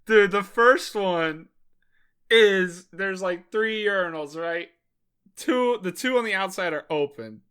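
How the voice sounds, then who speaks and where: A young man from Maryland, a podcast host, telling animated, profane stories in casual chat and laughing often. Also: high voice, slow pace, smooth. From Maryland, USA.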